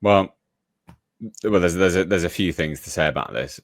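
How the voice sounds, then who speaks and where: A man co-hosting casual political commentary, emphatic and deliberate, repeating points for effect. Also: deep voice, no room sound, clean studio sound.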